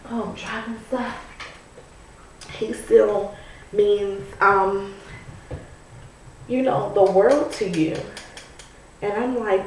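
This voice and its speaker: A woman's voice: medium pitch, fairly even intonation, drawn-out words, long pauses, a little mellow, recorded from a distance. A pregnant woman chatting casually to her camera while she curls her hair, musing and leaning on "you know" and "I'm like.". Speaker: vlogger. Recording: echoey room, voice away from the mic, faint noise.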